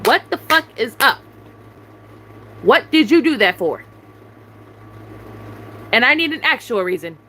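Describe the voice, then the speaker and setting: Furious woman ranting, high and bright. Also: big pitch swings, unhurried, long pauses, slight background noise, low-quality recording. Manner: confrontational, repetitive demands, heavy swearing. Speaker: YouTuber venting on a live stream. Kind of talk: angry venting rant.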